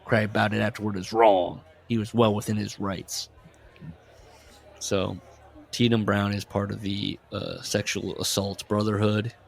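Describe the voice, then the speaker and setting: A man's voice: lowish voice, level tone, measured pace, gravelly. A man co-hosting a casual book discussion podcast, recounting the plot and reading character dialogue aloud with frequent fillers. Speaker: podcast co-host.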